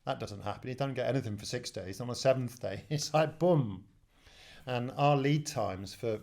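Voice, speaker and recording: A man's voice: fairly low pitch, vocal fry, a little mellow. A man in his fifties from England, a studio guest telling his career story in a chatty, self-deprecating way with many restarts. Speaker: guest, telecoms director. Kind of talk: casual storytelling interview.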